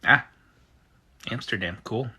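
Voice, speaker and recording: Bright-voiced man chatting on a livestream. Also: on the low side, slow pace, slight background noise. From United States. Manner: chatty, reads out usernames and reacts. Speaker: livestream host. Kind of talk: casual chat reading viewer comments.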